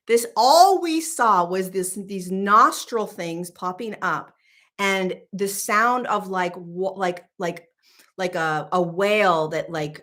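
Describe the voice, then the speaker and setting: A woman spiritual teacher and host telling a casual story in an animated, emphatic, chatty way. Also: mid-range voice.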